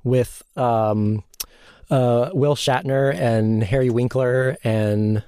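A woman's voice: a bass voice, fairly even intonation, drawn-out words, dark tone, clean tone, no room sound. A woman in casual chat, listening and teasing her friend dryly. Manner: dry, teasing listener who pushes back.

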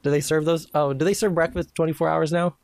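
Very deep-voiced woman podcast co-host. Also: fairly even intonation, fast, gravelly, a little mellow, no room sound. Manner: teasing, quizzes her co-host with would-you-rather questions. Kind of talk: casual chat.

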